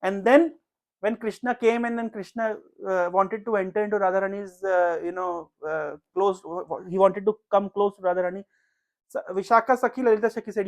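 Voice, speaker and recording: A man's voice: sits high, fairly even intonation, fairly quick. A man giving a devotional talk at a home gathering. He tells a sacred story in an earnest, conversational way, full of fillers and restarts. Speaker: speaker at a devotional house program.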